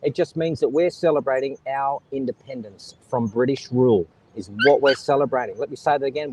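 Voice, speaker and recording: A man's voice: medium pitch, fairly quick, hardly any pauses, background noise. An Australian man hosting an outdoor live stream on a beach, talking straight to his viewers and sharing firm opinions in casual commentary. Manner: opinionated, talks straight to viewers and reads out chat.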